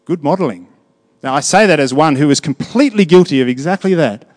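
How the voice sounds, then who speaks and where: A man preaching a sermon, moving between hushed reflection and raised, emphatic delivery, often putting questions to his congregation. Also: on the high side, lively intonation, fast. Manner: conversational, asks the congregation questions. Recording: long reverb of a large hall.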